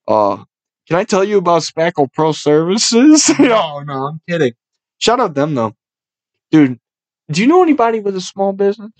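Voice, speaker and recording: A young man hosting a casual podcast, telling rowdy stories full of swearing and animated voices for the people in them. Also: a little high, dry recording. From Buffalo, New York area. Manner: loud, swearing, storytelling with animated impressions. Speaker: podcast host.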